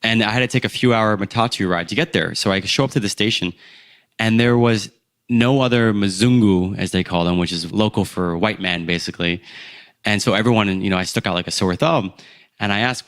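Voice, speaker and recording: A man in his thirties from Philadelphia, a podcast guest telling travel stories with animated energy and acting out the people in them. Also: fairly low pitch, a little fast. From Philadelphia, USA. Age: 30s. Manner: animated storyteller who acts out the people in his tale, laughing at himself. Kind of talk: travel storytelling in an interview.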